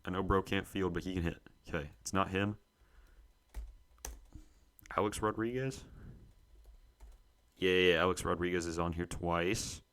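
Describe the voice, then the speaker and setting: A man's voice: deep voice, fairly even intonation, measured pace, long pauses, a bit bright. A young man, co-host of a sports show, thinking aloud to himself as he works through a trivia quiz, muttering and searching for names.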